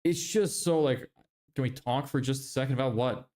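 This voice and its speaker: A young man talks loosely to his viewers on a livestream. His pitch sits in the middle range for a man. He swears freely and laughs often. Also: moderate pace, darkish tone. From Ireland. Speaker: livestreamer and agency owner. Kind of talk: casual livestream chat reading viewer messages.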